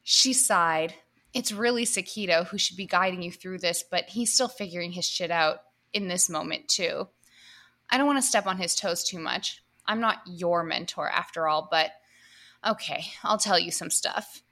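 A woman's voice: lowish voice, normal speed, sharp tone. A woman podcast co-host reading an erotic comedy story aloud to her co-hosts, breaking in with laughs and asides.

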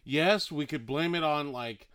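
A man chatting casually with friends in a relaxed way. He curses offhandedly and sometimes slows down to draw out his points. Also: on the high side, a little hiss or hum. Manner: relaxed, swears casually, drawn-out delivery. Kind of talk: casual chat.

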